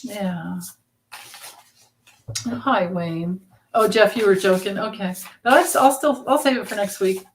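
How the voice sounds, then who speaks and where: A woman's voice: mid-range voice, measured pace, long pauses, a little hiss or hum. A woman with a Southern accent co-hosting a tarot livestream, chatting casually, reading viewer comments and laughing often.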